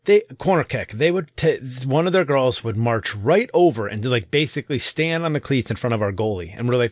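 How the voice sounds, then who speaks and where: A man's voice: mid-range voice, fairly quick, hardly any pauses, dry recording. A man chatting casually on a podcast about coaching youth soccer. He tells his stories with energy, and his voice swings up when he gets worked up. The sound is dry and close to the mic. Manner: animated storytelling, often gets loud.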